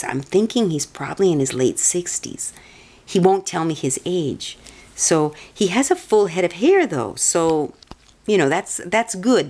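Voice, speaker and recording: Low-voiced chatty woman. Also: a little mellow. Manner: meandering, chatty, many restarts. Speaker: vlogger. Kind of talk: casual personal storytelling.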